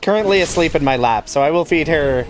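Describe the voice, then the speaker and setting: A man's voice: a little high, animated, quick pace, slight background noise. A man giving wry, self-mocking let's play commentary as he plays through a game. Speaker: gamer playing a randomizer.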